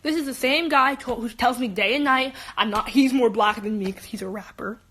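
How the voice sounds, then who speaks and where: A teenage girl from Los Angeles, a high school student telling an upset personal story in quick bursts full of restarts. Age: teens. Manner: animated, rapid, many restarts. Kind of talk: emotional personal rant.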